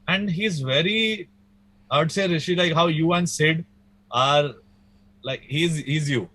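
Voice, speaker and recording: A man's voice: fairly high pitch, unhurried, sharp tone, dry recording. A young man, a musician talking casually in an interview, rambling with restarts and fillers. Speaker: guest musician.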